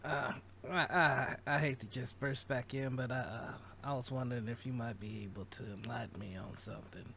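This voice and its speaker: A man's voice: medium pitch, fairly even intonation, creaky, bright, forceful tone, slight background noise. A man playing a stammering crew member. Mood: hesitant. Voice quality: halting, stammering. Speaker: player.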